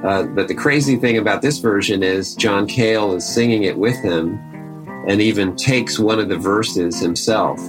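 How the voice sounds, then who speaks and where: Male presenter, lowish voice, easygoing commentary between archive song clips, soft guitar underneath. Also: normal speed, rough recording.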